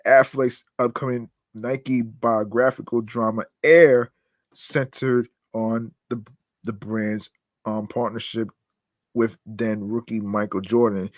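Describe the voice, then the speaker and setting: A man's voice: on the low side, no room sound, studio quality. A man hosting a podcast, reading news stories aloud with casual commentary, swearing freely, laughing at his own asides and stumbling over words as he reads. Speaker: podcast host.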